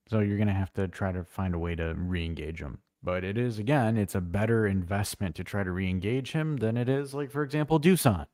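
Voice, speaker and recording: A man co-hosting a casual football live stream, blunt and animated, swearing freely as he tells stories. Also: on the low side, no echo, clean studio sound. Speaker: co-host.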